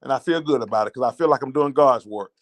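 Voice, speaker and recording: With a Southern American accent, this teachers' association advocate and show host delivers an impassioned monologue, telling an emotional, repetitive story with mounting indignation. He talks fast in a medium pitch.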